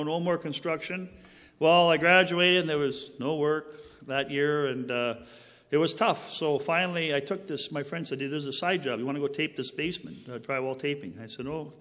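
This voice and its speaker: A man's voice: a little high, pushed and bright, long reverb tail. A man giving a personal faith testimony in a rambling, earnest way, often drifting off on tangents. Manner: rambling, goes on tangents and then apologizes; earnest and preachy, stresses key phrases. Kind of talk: personal testimony, casual storytelling.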